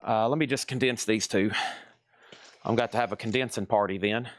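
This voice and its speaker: A man running a live-stream record auction. He talks briskly, repeats prices and bidders' names, and makes folksy asides while he works in a record shop. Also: fairly low pitch, steady tone, no room sound. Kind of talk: live-stream sales patter. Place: record shop, moving between crates.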